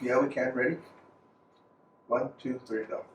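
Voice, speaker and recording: A man co-hosting a casual food show, quick and teasing. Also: mid-range voice, steady tone, echoey room, a little hiss or hum. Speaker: co-host. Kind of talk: casual food review chat.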